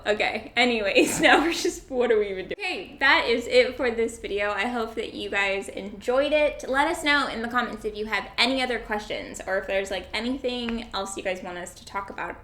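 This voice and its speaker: A woman's voice: fairly high pitch, a bit bright. A young woman vlogger chatting casually and giggling, with lots of "like" fillers. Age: young adult. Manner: bubbly and giggly, many "like" fillers. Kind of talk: casual chat. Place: indoors, sitting down. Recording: echoey room.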